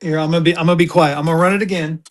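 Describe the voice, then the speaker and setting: A man's voice: a little high, level tone, very fast. A man hosting a casual live-stream auction from a room at home, rambling and joking as he sells and repeats himself.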